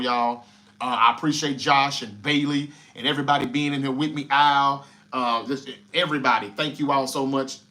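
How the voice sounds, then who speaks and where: A man hosting a casual livestream sports talk show, giving opinions in an animated way and reading viewer comments aloud. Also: mid-range voice.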